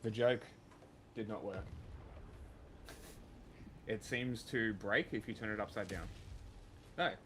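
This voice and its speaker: A man's voice: on the low side, fairly even intonation, slow pace, pauses often, fairly bright tone, slight background noise. An Australian man chatting casually on a livestream, laughing often, swearing and rambling. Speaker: livestream host.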